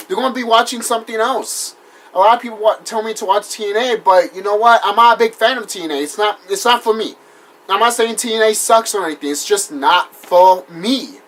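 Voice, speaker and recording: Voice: mid-range voice, animated, moderate pace, fairly bright tone, slight background noise. Wrestling vlogger going off, swears a lot, keeps restarting sentences. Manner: profane, heated, rambling with restarts; apologizes after outbursts. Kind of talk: casual vlog rant.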